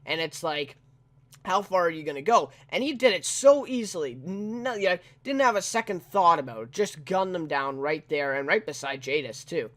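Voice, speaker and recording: A man with a fairly high voice talks through a TV episode review in a loose, off-the-cuff way. He leans on fillers and keeps tacking questions onto the ends of his sentences. He chuckles as he goes. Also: animated, normal speed, a bit bright. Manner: rambling, heavy on fillers and tag questions; chuckles often while talking. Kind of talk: casual spoken review.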